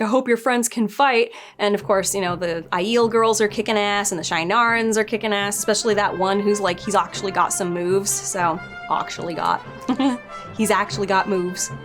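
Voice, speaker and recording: A woman's voice: medium pitch, a bit bright. A woman casually recapping and nitpicking a TV episode, chatty and exasperated, laughing now and then. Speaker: show reviewer.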